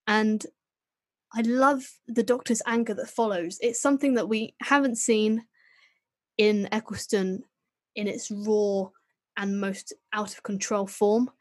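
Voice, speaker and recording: Unhurried and with fairly even intonation, this mid-range female voice belongs to a podcast co-host. She talks about a TV show in a relaxed, eager, self-deprecating way, and the recording has no echo.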